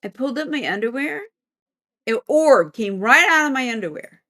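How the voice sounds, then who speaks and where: Middle-aged woman guest, lively pitch, higher voice, unhurried chatty anecdote. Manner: animated storyteller, laughs often. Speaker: psychic medium guest. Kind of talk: casual anecdote in an interview.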